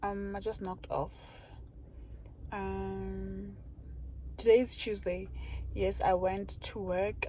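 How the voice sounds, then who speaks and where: A woman talks to her vlog audience in an unhurried, heartfelt way. Her voice is mellow and soft-edged, and there is a faint hiss of noise behind her. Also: mid-range voice, low-quality recording. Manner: heartfelt, chatty, addresses viewers as guys. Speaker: vlogger. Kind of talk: casual vlog chat.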